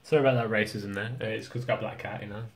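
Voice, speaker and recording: A man's voice: lowish voice, fairly even intonation, very fast, gravelly. Rambling young man vlogging casually. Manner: rambling, joking, swears a lot. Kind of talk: casual vlog rant.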